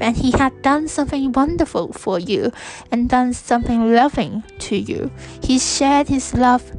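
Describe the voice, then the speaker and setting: A woman's voice: a little high, rough recording. A young woman hosting a podcast, talking through a personal reflection in a hesitant way with many restarts. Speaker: podcast host.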